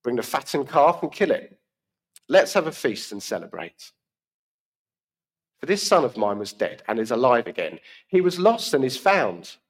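A man's voice: medium pitch, sing-song, normal speed. A man reading the lines of a forgiving, overjoyed father from scripture. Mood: joyful.

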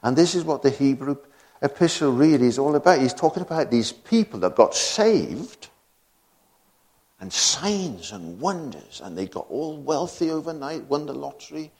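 A man's voice: on the high side, sing-song, normal speed, a little mellow. A man preaching a sermon, full of rhetorical questions and laughing asides.

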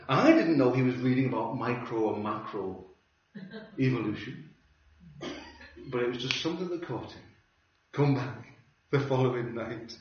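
A man preaching a sermon, telling a story with wry humor and lively delivery. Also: medium pitch. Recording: roomy hall from a distance, dull sound.

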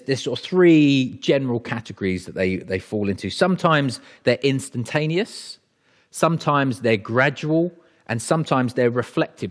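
A man preaching a sermon in a conversational way, often restarting his sentences. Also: medium pitch.

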